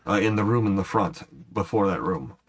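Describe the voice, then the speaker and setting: A man's voice: fairly low pitch, husky. A man narrating as game master, hesitant and full of fillers, now and then quoting characters. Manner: hesitant, filler-heavy narration with quick voiced quotes.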